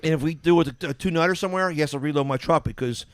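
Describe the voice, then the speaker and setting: A man's voice: a little high, very fast. A man telling rambling comic anecdotes on a podcast, often breaking into laughter. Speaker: podcast guest. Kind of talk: casual storytelling chat.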